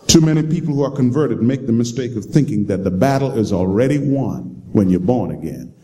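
A man's voice: mid-range voice, animated, a little fast, few pauses, a crowd in the background. A man preaching a sermon, telling stories and repeating his key lines emphatically to the congregation. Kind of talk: sermon storytelling.

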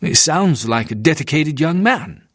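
A male narrator gives voice to a composed preacher, mild and inquiring, speaking in measured phrases. The recording is dry and close. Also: on the high side, animated, slightly rough, no room sound, voice pushed up. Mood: calm. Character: calm, curious male preacher.

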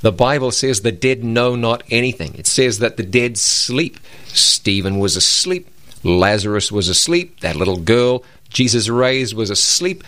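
A man's voice: mid-range voice, lively intonation, a little slow, fairly bright tone, no room sound. A man co-hosting a Bible program, arguing his points emphatically and repeating words for stress. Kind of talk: conversational Bible teaching.

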